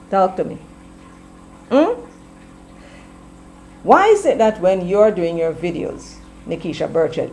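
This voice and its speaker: A woman's voice: fairly low pitch, dark tone, a little hiss or hum, rough recording. A woman with a Jamaican accent giving a scolding opinion commentary, firing off rhetorical questions and slipping between English and patois. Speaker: political commentator.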